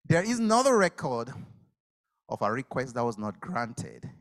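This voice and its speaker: Guy preaching, super lively pitch, acts out the people, goes quiet and whispery sometimes. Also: normal speed. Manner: animated storytelling, acts out the people, drops to a whisper at quiet moments. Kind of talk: sermon.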